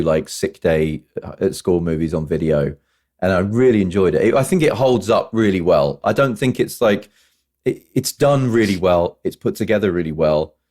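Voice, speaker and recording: A man's voice: low-pitched, darkish tone. A man co-hosting a podcast, talking casually and ramblingly about films, often restarting his sentences. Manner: rambling, self-correcting, playful. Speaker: podcast co-host. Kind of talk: casual film chat.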